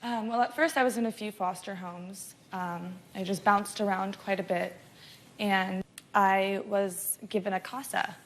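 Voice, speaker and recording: A woman, a talk show guest, giving a hesitant, soft-spoken personal account with frequent fillers. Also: medium pitch, fairly even intonation, unhurried, slight background noise.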